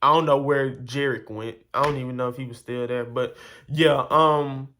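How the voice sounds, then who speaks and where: Guy vlogging a storytime, bright tense voice, rambly and fed up, lots of asides. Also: medium pitch, moderate pace, a little hiss or hum. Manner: rambling, animated, exasperated retelling with many asides. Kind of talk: casual storytime monologue.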